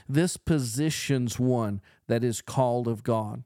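A man's voice: mid-range voice, takes it slowly, few pauses, mellow, no room sound, studio quality. A man preaching a podcast sermon in an earnest, emphatic way, building on repeated phrases.

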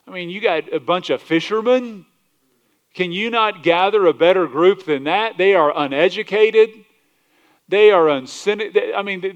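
A male pastor preaching a sermon, animated, asking rhetorical questions and often restarting his words. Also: fairly high pitch. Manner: animated, rhetorical questions, acts out quoted voices; repeats words and restarts mid-sentence.

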